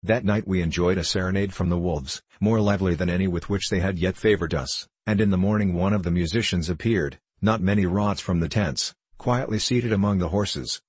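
A man with a deep voice reads an old travel memoir in a steady, measured way. His tone is a little husky. The recording is dry and close, with no room sound. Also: no room sound. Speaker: audiobook reader. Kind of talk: scripted narration of a classic travel memoir.

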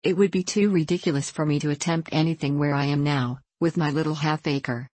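A woman's voice: low voice, fairly even intonation, fairly quick, a little mellow, dry recording. A woman reading an audiobook voices a fussy, boastful older aunt who rambles on self-importantly.

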